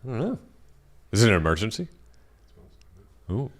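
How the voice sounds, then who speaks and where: A man's voice: lowish voice, sing-song, moderate pace, slight background noise. A man co-hosting a podcast in casual chat, teasing his partner with dry jokes. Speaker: podcast co-host.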